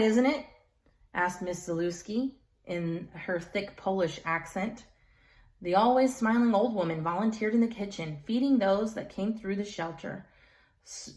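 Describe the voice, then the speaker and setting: A woman reading a children's chapter book aloud with expression, stopping now and then to chat to listeners. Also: medium pitch. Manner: expressive, chats to listeners between passages. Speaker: storyteller.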